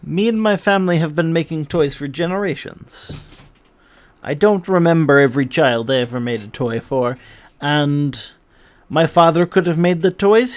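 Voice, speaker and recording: A man voicing a plain, weary male toymaker who answers in a flat, puzzled way. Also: on the high side, lightly acted.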